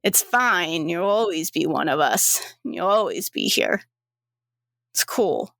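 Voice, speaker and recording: Lady doing a cranky swearing young guy in an asylum, slow and dismissive. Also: lowish voice, animated, gravelly, fairly bright tone, no room sound, clean studio sound, pitched below the performer's own voice, heavily acted. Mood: annoyed, dismissive. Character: surly crude young male asylum patient.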